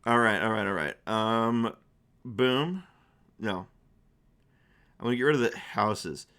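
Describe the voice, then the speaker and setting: A man's voice: fairly low pitch, lively intonation, slow pace, a bit bright. A man streaming as game master, narrating a tabletop game in a rambling, playful way. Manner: rambling and playful, with many restarts and fillers.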